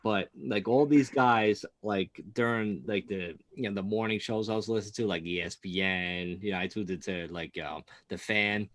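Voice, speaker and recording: A man's voice: lowish voice, normal speed, hardly any pauses, fairly bright tone. A man co-hosting a casual sports podcast, rambling and profane, full of fillers and laughs. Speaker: podcast co-host.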